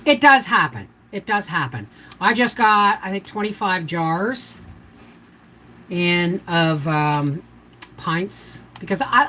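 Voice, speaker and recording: A woman's voice: fairly low pitch, expressive, takes it slowly, bright, forceful tone, slight background noise, rough recording. An older woman hosting a casual homestead livestream, rambling and chatty as she walks viewers through canning steps. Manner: rambling, chatty, giving step-by-step canning instructions. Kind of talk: casual live-stream chat.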